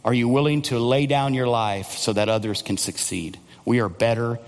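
A male pastor preaching a sermon, building to loud, emphatic passages and calling for amens. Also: mid-range voice, fairly even intonation, moderate pace. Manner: preaching with rising, near-shouted emphasis. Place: church sanctuary. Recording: long church hall reverb.

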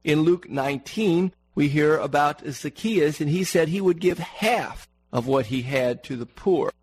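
A man's voice: on the high side, measured pace, a little mellow, breathy edge, dry recording, poor audio. A man preaching a sermon in an earnest manner, repeating words for emphasis and asking the congregation questions.

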